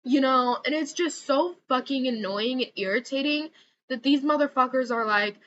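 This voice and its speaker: A young woman vents in a loose, rambling vlog, swearing freely and leaning on "like" between every thought. Her voice is bright and sharp, set a little high. The audio is slightly dull and lo-fi, with a faint hiss underneath. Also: normal speed. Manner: profane, exasperated, many fillers like "like". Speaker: vlogger. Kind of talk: casual ranting vlog.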